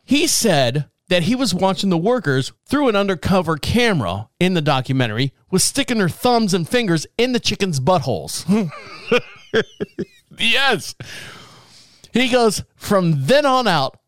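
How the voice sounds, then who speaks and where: A man in his forties with a fairly high voice hosts his show in a loose, rambling monologue, cracking jokes and laughing at them. He is recorded close up with a dry sound and no room echo. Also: big pitch swings, moderate pace, a bit bright. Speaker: podcast host. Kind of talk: casual talk show monologue.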